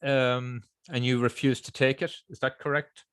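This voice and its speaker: A man's voice: mid-range voice, level tone, normal speed, noisy background. A man hosting an interview, asking brief probing questions. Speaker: interviewer host.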